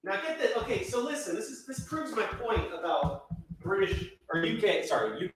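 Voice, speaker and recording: A man's voice: high-pitched, very animated, normal speed, a bit bright. A man bantering casually with the host in a dry, teasing way. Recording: echoey room with faint noise.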